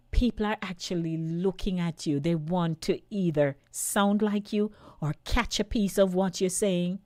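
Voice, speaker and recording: A woman with a Jamaican accent hosting a radio talk show, speaking in a lively way and slipping into patois. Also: medium pitch, no echo, clean studio sound.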